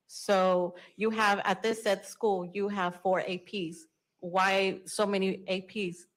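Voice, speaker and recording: A woman making a public comment at a school board meeting, pressing with pointed questions and halting restarts. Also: mid-range voice, little pitch movement, rough recording.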